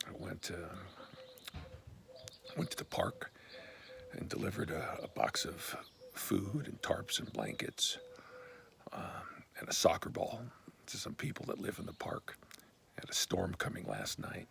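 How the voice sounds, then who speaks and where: A man sharing a personal story, candid and heartfelt. His low voice is gravelly, and he often slips into a breathy half-whisper. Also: huge pitch swings, a little slow, long pauses. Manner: drops to a hushed, half-whispered delivery.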